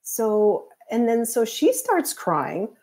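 A woman's voice: on the high side, big pitch swings, takes it slowly, warm tone. A woman, a psychic medium guest, chatting casually and telling stories with acted-out quotes. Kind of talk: casual storytelling chat.

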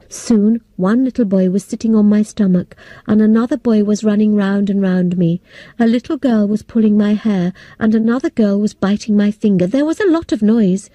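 A woman narrating a story for English learners in a plain, steady, clearly paced reading. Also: mid-range voice, dry recording.

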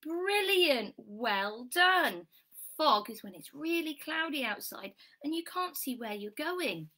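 A bright, crisp-voiced woman leads a children's phonics lesson. She speaks unhurriedly, sounds out each letter with care and showers the viewers with sing-song praise. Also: sits high, sing-song. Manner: slow, clearly sounded-out letters. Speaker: phonics teacher.

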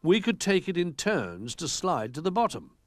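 A man's voice: on the high side, big pitch swings, normal speed, no echo, studio quality, pitched above the performer's own voice. A man voicing a practical, matter-of-fact male toy rabbit in a storybook reading.

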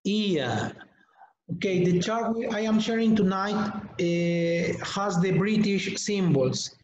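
A man teaching English pronunciation in an online webinar, modeling words slowly and deliberately for students to repeat. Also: high-pitched, darkish tone. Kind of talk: online webinar lesson, drilling sounds. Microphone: computer mic on a video call. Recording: echoey, dull lo-fi webinar audio.

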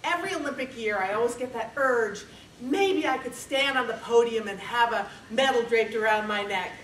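A woman's voice: on the high side, moderate pace, fairly bright tone, distant mic, slight background noise. A woman opening a humorous contest speech, talking straight to the audience in a chatty way. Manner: chatty, addresses the audience directly. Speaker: contest speaker. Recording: roomy hall recorded from afar.

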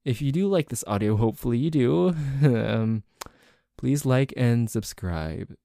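A man's voice: medium pitch, lively intonation, measured pace, gravelly, warm tone, no room sound, clean studio sound. A man casually chatting to listeners at the end of an audio, joking at his own expense and laughing often. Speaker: voice actor and channel host. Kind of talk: casual outro chat to listeners.

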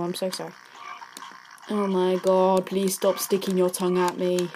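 A woman's voice: fairly low pitch, fairly even intonation, normal speed, darkish tone, a little hiss or hum. A woman giving let's play commentary on a game, easily frustrated, blurting out exclamations and swears at the screen, then apologizing. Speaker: gaming channel host.

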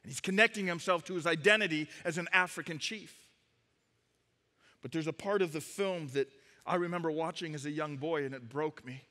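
A man's voice: fairly high pitch, brisk, sharp tone, long reverb tail. A man preaching a sermon as pastor, telling stories emphatically in a church sanctuary.

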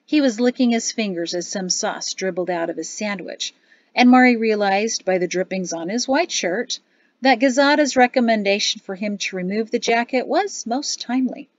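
A woman reads an audiobook as narrator in steady, even scripted narration. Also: mid-range voice, normal speed, no room sound. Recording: slightly dull dry studio recording.

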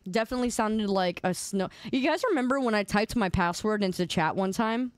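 A young adult woman streamer chatting casually on a live stream, playful and excitable, quick to laugh. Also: medium pitch, clean tone, dry recording. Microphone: desk microphone.

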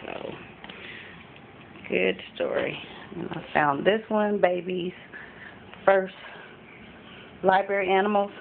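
Speaking slowly in a creaky mid-range voice, a woman pauses often as she shows off a thrift haul in a casual at-home mom vlog, saying um frequently. The lo-fi audio sounds like a phone and has faint background noise.

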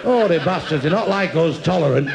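A gravelly Mancunian man rattles off crude stand-up jokes in a high, bouncing voice that leaps up and down. He often chuckles at his own punchlines, and the recording is noisy and rough. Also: animated, fairly quick. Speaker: stand-up comedian. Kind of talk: stand-up comedy routine.

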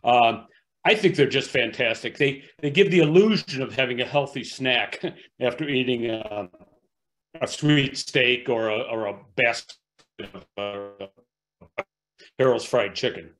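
A man co-presenting a talk, explaining things in an easygoing, relaxed way. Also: medium pitch, a little slow. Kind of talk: casual talk.

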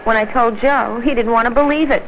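A woman's voice: on the high side, brisk, a bit bright, a little hiss or hum, poor audio. An actress voicing a scared pregnant teenage girl, narrating her story in earnest, plain first-person narration for an old educational film.

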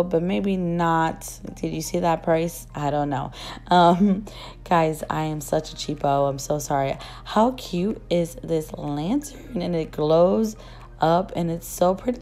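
A young woman vlogger, her voice still rough after losing it, chatting and gushing in a casual shop-with-me voice-over. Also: lowish voice, measured pace, darkish tone. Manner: gushing, chatty, many fillers. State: rough voice, just recovering.

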